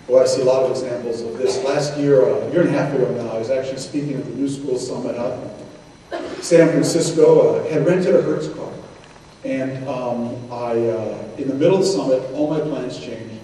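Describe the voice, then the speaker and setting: A man's voice: medium pitch, fairly even intonation, a little fast, warm tone. A man in his sixties giving a lecture as a guest speaker, telling anecdotes in a conversational way and quoting people in dialogue. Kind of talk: storytelling lecture. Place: synagogue hall. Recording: echoey hall, distant mic, noisy.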